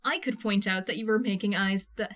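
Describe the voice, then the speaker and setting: A woman reader voicing a brash, teasing young female vigilante who talks loud and swears freely. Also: medium pitch, steady tone, brisk, close to an everyday voice. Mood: defensive.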